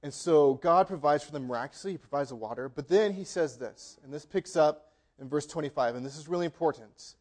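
A male pastor delivering a sermon in a fairly high voice. He reads scripture with strong emphasis and slows down on key phrases for effect. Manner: expressive preaching, dramatic pauses and emphatic scripture reading.

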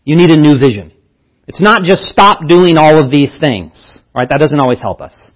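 A man's voice: on the high side, lively intonation, normal speed, dull audio. A man preaching a sermon as pastor, teaching earnestly and repeating key phrases for emphasis.

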